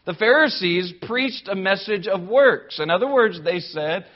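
A man with a high-pitched voice preaches a sermon at an unhurried, measured pace. He stresses his points firmly and stacks them in rhetorical lists. The recording sounds dull and lo-fi. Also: lively intonation. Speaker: pastor.

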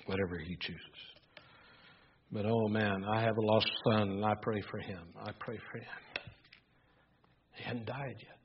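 An older man preaching a sermon, reading scripture aloud and moving between hushed musing and rising, emphatic exhortation. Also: on the low side, fairly even intonation, normal speed, long pauses, dull audio, noisy background. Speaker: pastor.

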